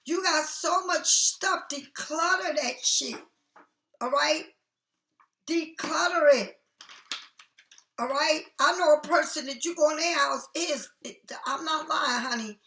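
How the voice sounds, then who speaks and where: A woman's voice: sits high, pushed and bright, roomy sound. A woman doing a casual tarot reading for viewers, chatty and frank, swearing freely and calling the listener honey. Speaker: tarot card reader.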